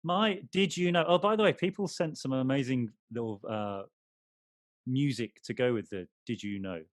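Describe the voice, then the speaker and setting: A man's voice: mid-range voice, expressive, normal speed, no echo. A man co-hosting a podcast in casual chat, teasing and playful in banter. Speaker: podcast co-host.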